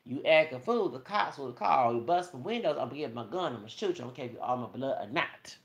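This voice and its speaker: Man, gravelly voice, roomy echo, preachy profane vlog rant. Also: medium pitch, expressive, brisk. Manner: preachy, profane, addresses viewers as y'all. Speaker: vlogger. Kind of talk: ranting monologue to viewers.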